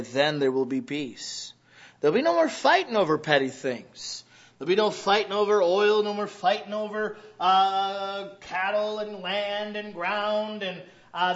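A pastor delivers a sermon in a high-pitched, fairly bright male voice, cracking jokes and acting out little scenes with quoted voices. The recording is roomy and has a dull, lo-fi quality.

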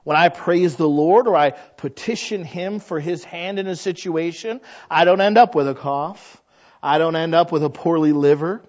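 A man preaching a chatty sermon as pastor, folksy and conversational. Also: fairly high pitch. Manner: folksy, chatty, acts out quoted voices. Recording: dull lo-fi recording.

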